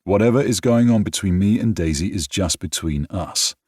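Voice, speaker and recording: A man's voice: low-pitched, normal speed, a little mellow, dry recording, pitched above the performer's own voice. A man voicing a wry British single dad with a guarded, dry manner.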